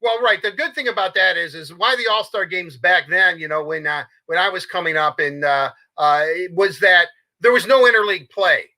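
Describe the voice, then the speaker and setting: Older man, sports co-host, high voice, very bright tone, stammering restarts. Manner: rambling, halting with repeated words and fillers. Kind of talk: casual sports talk.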